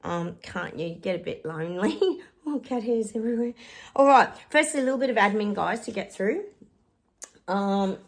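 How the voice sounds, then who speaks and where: A woman's voice: mid-range voice, expressive, moderate pace. A woman chatting casually to her vlog viewers from home, with a bit of a cough and lots of "um"s and "guys". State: coughing, slightly hoarse. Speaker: psychic YouTuber. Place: home living room.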